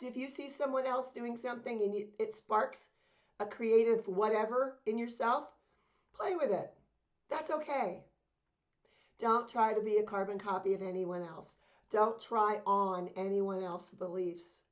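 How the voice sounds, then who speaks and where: A woman spiritual coach talking casually to her viewers, earnest and encouraging, slowing down to stress her points. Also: mid-range voice, dull audio. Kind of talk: casual talk to camera.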